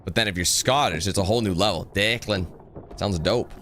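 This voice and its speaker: A man's voice: low voice, quick pace, a bit bright, slight background noise. A man rambling and joking through casual commentary on a horror game he is playing. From North America. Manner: joking, rambling, sings snatches and does mock voices. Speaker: gaming channel host.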